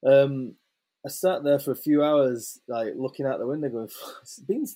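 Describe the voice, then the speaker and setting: A young adult man, telling a story in casual conversation as an interview guest, lively and swearing freely, with many fillers and restarts. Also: medium pitch, measured pace.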